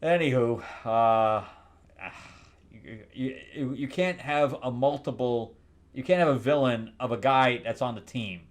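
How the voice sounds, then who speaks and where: A man recapping comic books in a loose, sarcastic ramble. He trips over his words and restarts often, and he trails off dryly at the end of lines. His voice sits at an everyday middle pitch. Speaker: comic book reviewer.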